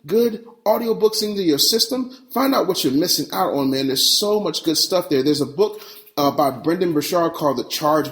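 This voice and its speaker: A man hosting a business podcast, talking in a brash, in-your-face, streetwise way. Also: mid-range voice. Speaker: podcast host and business coach. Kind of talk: casual podcast talk and ad reads.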